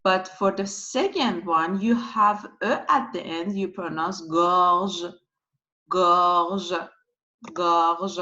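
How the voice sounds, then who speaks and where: A French-accented woman teaches pronunciation in a very slow, deliberate way, repeating each example word. Her voice is bright and her pitch moves a lot. The recording sounds dull and lo-fi. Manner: repeats example words slowly and clearly.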